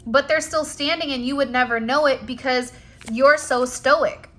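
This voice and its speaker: In a steady tone and at a moderate pace, a spiritual card reader with a high, bright voice talks directly to her viewers. Her reading is chatty and emphatic, loaded with casual fillers like "like" and "you know," and stays conversational and encouraging from start to finish.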